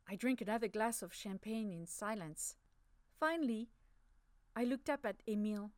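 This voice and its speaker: A woman narrates a first-person audiobook in a soft, measured, intimate way. Her voice sits a little high and is recorded close and dry, with no room echo.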